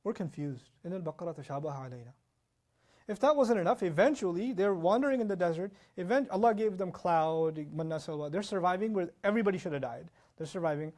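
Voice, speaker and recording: Man, Islamic teacher, animated Quran lecture, rapid delivery, slightly high voice. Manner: animated, fast-talking, mixes in Arabic recitation.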